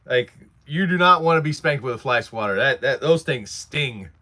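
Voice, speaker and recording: A man's voice: medium pitch, animated, normal speed, sharp tone. A man in his forties hosting a casual livestream from his workshop, rambling through stories and laughing often while answering chat. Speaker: livestream host.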